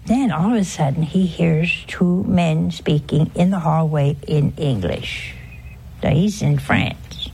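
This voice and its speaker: Woman, religious broadcaster, slow and earnest storytelling, slightly low voice. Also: gravelly, breathy edge. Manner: earnest, emphatic storytelling, sometimes dropping to a hushed voice. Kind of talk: informal spiritual talk with a story.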